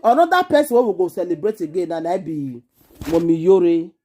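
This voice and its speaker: A woman with a Nigerian accent, hosting an excited monologue to camera in an emphatic, repetitive, exclaiming way. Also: fairly low pitch, a little fast. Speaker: vlogger host.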